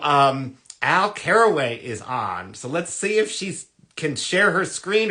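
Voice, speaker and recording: Bright-voiced excitable man livestreaming. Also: a little high. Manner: excitable, gushing, rambling. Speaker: livestream host. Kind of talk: casual livestream chat. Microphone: phone livestream.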